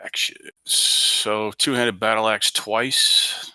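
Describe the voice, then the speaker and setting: A man's voice: fairly low pitch, a little slow, bright, forceful tone, no room sound, low-quality recording. A man playing a tabletop game over an online voice call, calling out dice rolls in a matter-of-fact way. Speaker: player. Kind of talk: casual tabletop game chat.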